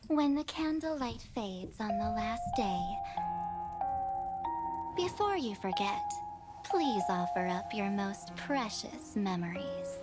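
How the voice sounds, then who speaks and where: A woman voicing a composed hostess of memories in a game clip, speaking in a calm, coaxing, faintly teasing way. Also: mid-range voice, slow pace. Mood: solemn. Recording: game clip with music behind. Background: music.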